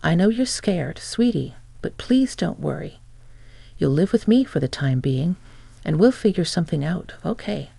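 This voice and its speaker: A reader playing an older mother-in-law, motherly yet fierce, scolding with a gravelly, mellow voice. The sound is dry and close, with no room around it. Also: fairly low pitch, big pitch swings, moderate pace, no room sound, full character voice. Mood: determined.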